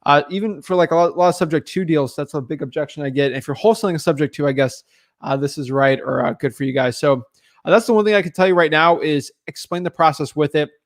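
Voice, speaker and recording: A young man who coaches real estate wholesaling gives a live, conversational sales training talk, energetic and repetitive. He speaks fast, with a voice on the high side.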